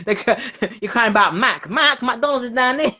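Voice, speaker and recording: A woman, a podcast guest chatting casually, animated and quick to laugh, slipping into playful voices for people she quotes. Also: a little high. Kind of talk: casual chat.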